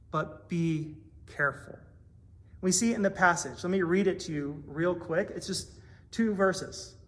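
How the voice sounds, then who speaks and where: A man with a high voice delivers a sermon in a small church. He talks in an earnest, conversational way, leaning into his points with growing emphasis. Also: a bit bright. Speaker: pastor.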